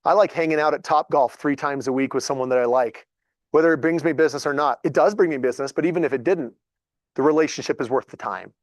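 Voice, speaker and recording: A man in his thirties tells stories to a group in a relaxed, animated way, often acting out what others said. His voice sits a little high for a man. The sound is dry and close, with no room echo. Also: quick pace. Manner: animated, chatty, acts out dialogue. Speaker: real estate agent. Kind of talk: casual storytelling talk to a group.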